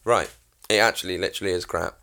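A man's voice: low voice, steady tone, fast, bright, forceful tone. A man co-hosting a podcast, teasing his co-host with crude humour and laughing often in casual chat.

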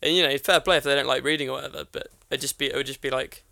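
Young guy co-host, bright gravelly voice, dry close sound, rambles with fillers. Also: mid-range voice, steady tone, racing, no echo. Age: young adult. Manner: rambling, full of likes and restarts. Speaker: podcast co-host. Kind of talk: casual chat.

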